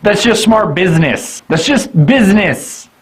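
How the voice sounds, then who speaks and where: A man's voice: high-pitched, animated, unhurried, rough recording. A drunk man rambling through a comedic anime review, swearing and laughing often.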